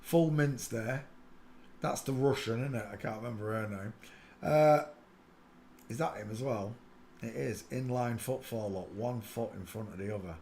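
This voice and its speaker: A livestream host gives casual, mocking running commentary on pictures and greets viewers by name. He speaks at a moderate pace, excitable and prone to loud, high laughter, with a little hiss or hum in the recording.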